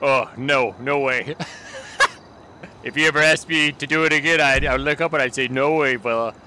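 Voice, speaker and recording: A man's voice: a little high, steady tone, fast, pushed and bright, slight background noise, poor audio. A man voicing a folksy, easily flustered male gas station clerk in a game role-play. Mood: shaken, queasy.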